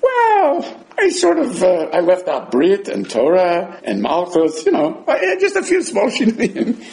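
A man voicing a sheepish young male Talmud sage, defending himself in a squeaky, excitable way. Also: measured pace, creaky, heavily acted.

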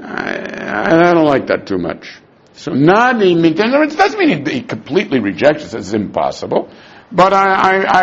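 Animated husky man teaching Talmud. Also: on the high side. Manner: animated, argumentative, mixes Aramaic terms and stammered restarts. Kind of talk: Talmud lesson. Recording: dull lo-fi recording.

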